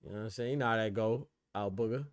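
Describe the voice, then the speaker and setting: A man's voice: lowish voice, very fast, no room sound, studio quality. A man hosting a boxing livestream, chatting casually in slang, reading out and answering viewers by name. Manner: relaxed, slangy, reads chat aloud. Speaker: boxing commentary host.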